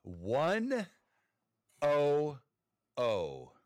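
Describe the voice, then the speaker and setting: A man co-hosting a podcast in casual chat, relaxed, joking and a little rambling. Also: fairly high pitch, drawn-out words, no echo, faint music behind. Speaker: podcast co-host.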